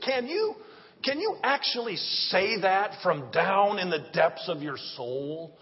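A male pastor preaching an excited sermon, with call-and-response lines and drawn-out phrases. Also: high-pitched. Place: church sanctuary. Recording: dull sound, long church reverb.

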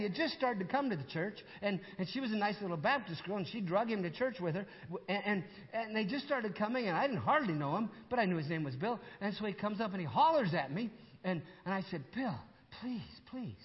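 An older man preaches to a congregation, telling his story with animated back-and-forth dialogue and playful asides. His voice sits fairly high for a man. The sound is muffled and rings with a long church reverb. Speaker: pastor. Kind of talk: storytelling sermon. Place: church hall with audience.

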